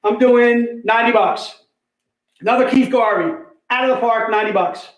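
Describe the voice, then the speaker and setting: A man hosting a live comic book sale, pitching deals in energetic, repetitive, joking hype talk. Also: normal speed. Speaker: host selling comic books. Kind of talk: live online sales pitch. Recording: echoey room.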